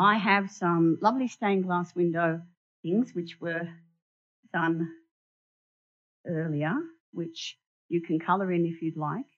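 A woman giving an animated sermon in a church, asking the congregation questions and showing them props. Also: on the low side, breathy edge. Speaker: church speaker. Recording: dull lo-fi recording.

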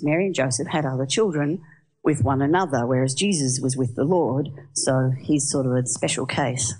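A woman preaching a sermon, telling stories in a lively way and asking the audience questions. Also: rumbling low, moderate pace. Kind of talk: sermon with storytelling.

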